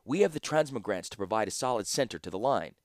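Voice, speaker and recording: A cunning woman commander who speaks silkily and cuts others down, put on by a male reader. The voice sits higher than the reader's own low, dry tone, in a storybook reading. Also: expressive, fast, dry recording, lightly acted. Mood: cool commanding. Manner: silky, cutting.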